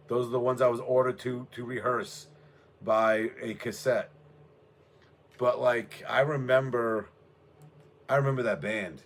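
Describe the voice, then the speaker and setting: Offhand, swearing man with a low voice. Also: a little hiss or hum. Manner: profane, offhand, reminiscing. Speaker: music show host. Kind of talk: casual rambling storytelling.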